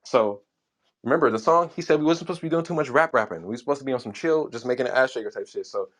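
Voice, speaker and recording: A man's voice: mid-range voice, very fast, a bit bright. A young man, a rapper, telling loose, slangy, profane stories in a casual interview about writing his songs. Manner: loose, slangy, swears freely, recounts writing lyrics. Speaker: rapper guest.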